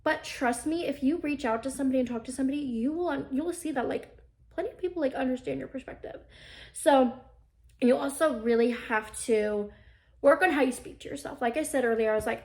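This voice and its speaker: A woman's voice: high voice, a little fast, darkish tone. A young woman hosting an advice podcast, talking casually and earnestly, with lots of fillers.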